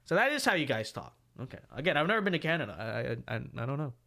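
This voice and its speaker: A man's voice: a little high, racing. A man commenting live on a debate video, talking back to it and reading out viewer donations. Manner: animated, reads out viewer donations. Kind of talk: livestream reaction commentary.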